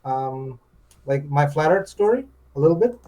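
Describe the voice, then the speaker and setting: Hesitant man in his thirties, slightly high voice. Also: lively intonation, moderate pace, dark tone, rough recording. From India. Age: 30s. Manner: hesitant, many fillers, laughs easily. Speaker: debate guest. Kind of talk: casual livestream chat.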